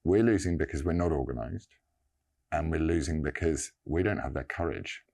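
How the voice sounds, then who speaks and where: A man giving an earnest personal statement, halting and pausing often. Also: extremely low pitch, darkish tone. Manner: halting, earnest, many pauses and restarts.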